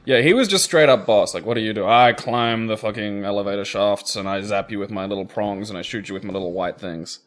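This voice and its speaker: A man co-hosting casual let's-play commentary, full of crude jokes and quick giggles as he asks about the game. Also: on the low side, a bit bright. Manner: jokey, giggly, crude quips. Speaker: co-host watching the game.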